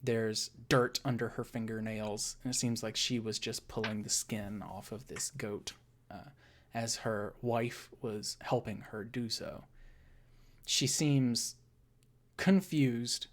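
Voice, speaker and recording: A woman running a tabletop game as dungeon master, setting scenes in slow descriptive narration. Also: very deep voice, fairly even intonation, slight background noise.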